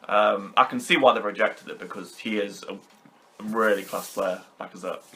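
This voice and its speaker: A British man co-hosting a podcast, measured and agreeable in casual football chat. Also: fairly low pitch, steady tone, sharp tone. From Britain. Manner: agreeable, measured, often affirms. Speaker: podcast co-host.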